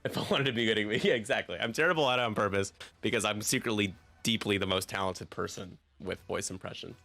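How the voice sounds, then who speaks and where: A man's voice: lowish voice, fast, vocal fry, pushed and bright, soft background music. A man commentating a tabletop game on a live stream, joking and self-deprecating as he goes. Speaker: league commentator.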